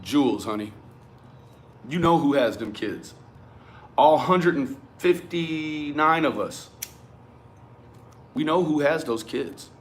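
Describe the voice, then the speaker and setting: A man with a high, light voice and a twang rants straight at his viewers, swearing freely. He talks in an animated, worked-up way, jumping between asides and jabs. His delivery is loose, blunt and full of attitude. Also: slow pace, pauses often, a little hiss or hum. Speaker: commentary vlogger. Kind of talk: profane ranting commentary.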